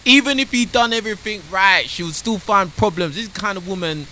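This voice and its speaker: A man's voice: sits high, lively intonation, fairly quick, hardly any pauses, pushed and bright, soft background music, low-quality recording. A man giving blunt, mocking reaction commentary.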